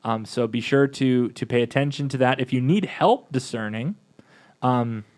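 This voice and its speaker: A man's voice: medium pitch, normal speed, darkish tone. A man co-hosting a parish podcast, chatting casually in a rambling way with many fillers and restarts. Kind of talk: casual chat.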